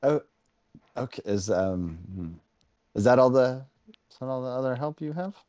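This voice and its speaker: Easygoing male podcast host, mellow voice. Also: mid-range voice, expressive, normal speed, no room sound. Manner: easygoing, often laughing. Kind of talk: casual comedy chat.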